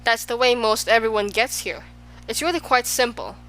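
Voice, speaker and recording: Brief: a woman doing a loud, eager storybook man who lurches between moods, over a faint hum. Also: a little high, normal speed, close to an everyday voice, poor audio. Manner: exclaiming, swinging between moods. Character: excitable, fickle man of all extremes.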